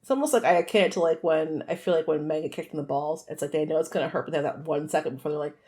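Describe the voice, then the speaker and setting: A woman's voice: sits low, rapid-fire. A woman co-hosting a casual podcast, telling stories animatedly with frequent laughter and casual swearing. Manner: animated storyteller, laughs often, swears freely. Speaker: podcast co-host. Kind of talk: casual chat.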